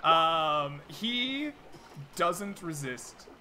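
A man narrating as game master of a tabletop game over a video call, halting as he describes. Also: a little high, very animated, sharp tone, soft background music. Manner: halting, restarts and fillers while describing.

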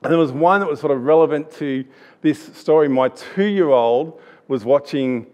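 A man's voice: a little high, normal speed, darkish tone. A man in his thirties with an Australian accent, giving a chatty, anecdotal church sermon with restarts. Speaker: preacher.

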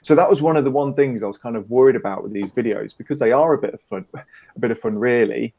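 A man's voice: mid-range voice, fast, mellow, slightly rough. Jokey chatty man. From Britain. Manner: jokey and chatty, with easy laughs. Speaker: interview guest, business owner. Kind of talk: casual call-in interview.

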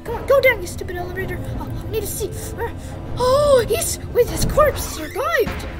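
A woman giving playful, yelling gameplay commentary, laughing and trash-talking as she plays. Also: very high voice, expressive, normal speed, music in the background. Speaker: gaming video creator.

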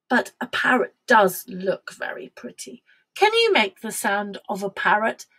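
A woman teaches a preschool music class, singing and talking to small children in a high, sing-song voice. Her pitch swoops widely, and she takes her time over each phrase. She often drops to a whisper or gasps for effect. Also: a bit bright, breathy edge. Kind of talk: sung and spoken children's music lesson.

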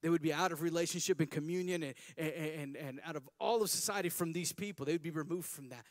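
A young man preaching a sermon, telling a Bible story with lively acted-out voices. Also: on the high side, fast, no room sound, studio quality. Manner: animated storytelling, acting out voices of biblical characters. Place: chapel service.

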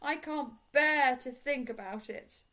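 A woman doing a worried, gentle mother. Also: high-pitched, takes it slowly, pitched above the performer's own voice, heavily acted. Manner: anxious, gentle.

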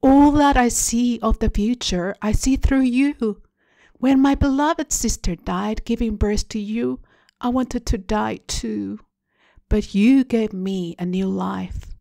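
A woman reads as a passionate middle-aged mother in a storybook, her voice pitched up and pushed loud with intensity. The lines come slow and heavy, in a dry, close recording. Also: gravelly, no room sound. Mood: sobbing. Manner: raging then tearful, intense.

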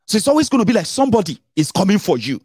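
Animated Nigerian man, close dry mic. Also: very fast, husky, no echo. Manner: animated, mixes Pidgin into English, dramatic swings in pitch. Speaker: host. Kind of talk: casual political commentary.

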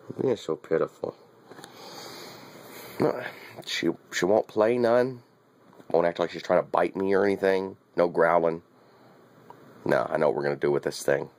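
A man's voice: deep voice, steady tone, moderate pace, vocal fry, long pauses, darkish tone, no echo. A man giving a wry, teasing running commentary as he films his little dog, often repeating himself. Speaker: dog owner filming his pet. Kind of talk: casual running commentary to camera.

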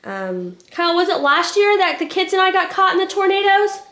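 A woman's voice: very high voice, sing-song, a little fast, fairly bright tone. A young woman from Oklahoma chatting casually to the camera at home, full of fillers, with a cold and a hacking cough. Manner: chatty, filler-heavy storytelling. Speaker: family vlogger. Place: family home, indoors.

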